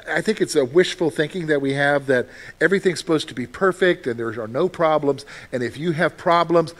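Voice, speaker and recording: A male pastor preaching a sermon, animated, with frequent rhetorical questions to his listeners. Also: fairly high pitch.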